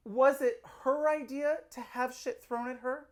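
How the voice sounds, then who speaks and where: A woman's voice: high voice, fairly even intonation, measured pace. A woman co-hosting a casual podcast recap, giving her opinions in a chatty, agreeable way. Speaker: podcast co-host. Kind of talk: casual chat.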